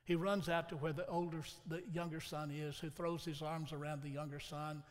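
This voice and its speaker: A man's voice: a little high, flat delivery, moderate pace. A man preaching a sermon, telling a folksy, dramatic story and acting out the quotes himself. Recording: long hall reverb.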